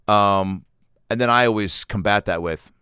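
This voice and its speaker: A man's voice: fairly low pitch, unhurried, smooth, no echo, studio quality. A man hosting a podcast alone, telling rambling, profane, self-deprecating comic stories in a casual monologue. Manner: animated, profane, rambling storytelling. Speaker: podcast host. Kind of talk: casual comedic solo monologue.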